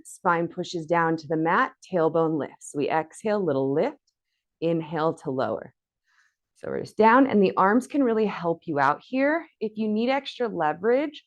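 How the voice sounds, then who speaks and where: A woman leading a guided floor workout, counting reps aloud and encouraging, a little out of breath from exercising along. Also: fairly low pitch. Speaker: fitness instructor.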